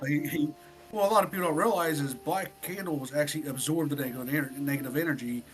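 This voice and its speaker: A man co-hosting a podcast, telling a story in an animated, profane, casual way. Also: fairly high pitch, quick pace, slight background noise. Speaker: podcast co-host.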